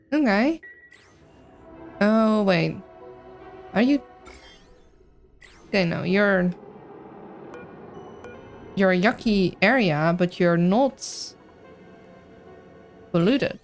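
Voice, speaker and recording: A woman streaming a video game live, chatting in an excitable, rambling way with a mixed accent that is hard to place. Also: medium pitch. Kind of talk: live gameplay commentary, reading chat.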